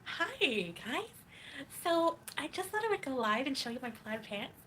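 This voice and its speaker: A woman putting on a high, sing-song impression of a rival female vlogger to mock her. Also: big pitch swings, unhurried, pushed and bright, slight background noise, full character voice.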